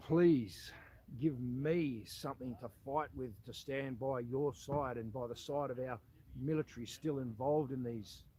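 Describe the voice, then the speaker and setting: A man's voice: mid-range voice, warm tone, a little hiss or hum, rough recording. Australian man, veteran, earnest, blunt, mid-range voice, faint background ambience. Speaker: army veteran. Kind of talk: impassioned monologue addressed to an official.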